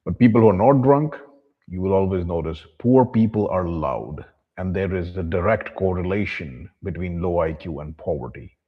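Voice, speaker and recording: Low husky man ranting bluntly. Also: expressive, normal speed, highs cut off. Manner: refers to himself in the third person; blunt, profane, contemptuous ranting. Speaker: vlogger. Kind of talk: monologue to camera.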